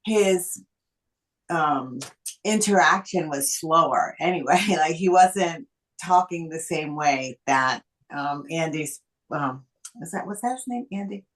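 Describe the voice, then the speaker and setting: A woman with a low voice chats casually as a podcast co-host. She hunts for words, pausing often and filling the gaps as she talks. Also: low-quality recording. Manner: hesitant, many fillers, laughs softly. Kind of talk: casual film discussion.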